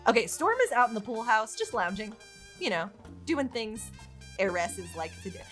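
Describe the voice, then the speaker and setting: A woman giving chatty, excitable let's play commentary on her game, swearing freely as she goes. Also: on the high side, moderate pace, soft background music. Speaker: gaming YouTuber.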